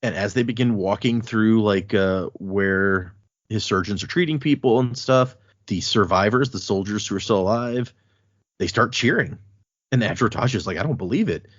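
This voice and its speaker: A man with a lowish, husky voice hosts a relaxed book podcast. He switches between reading passages aloud and loosely talking them over, with fillers and restarts along the way. The sound is dry and a little dull. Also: normal speed, no room sound. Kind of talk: casual book discussion with read-aloud passages.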